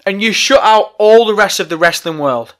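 A man's voice: high-pitched, lively intonation, normal speed, fairly bright tone. A man hosting a podcast, delivering a heated, profane, exasperated rant. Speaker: podcast host. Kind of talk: ranting podcast monologue.

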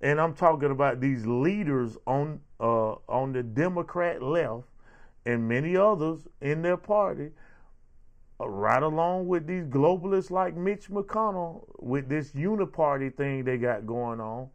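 A man's voice: a little high, expressive, unhurried. A man hosting a show, giving heated, sarcastic political commentary with a lot of repetition. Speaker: show host.

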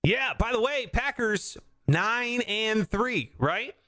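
A man co-hosting a casual chat, animated and prone to loud excited shouts. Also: high-pitched, slow pace. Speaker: podcast co-host.

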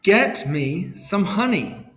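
A man's voice: high voice, big pitch swings, slow, a bit bright, voice pushed up, full character voice. A man doing a bossy hungry giant. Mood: demanding. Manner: demanding, threatening.

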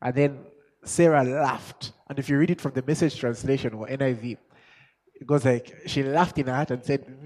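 A man preaching a sermon as an apostle, chuckling and asking himself questions as he builds from quiet musing to shouted exhortation. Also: medium pitch, steady tone, moderate pace. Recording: long hall reverb.

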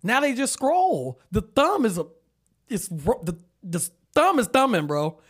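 This podcast co-host has a very high-pitched, unhurried voice with a breathy edge. Chatting casually, he's an animated storyteller who laughs often and acts out quotes.

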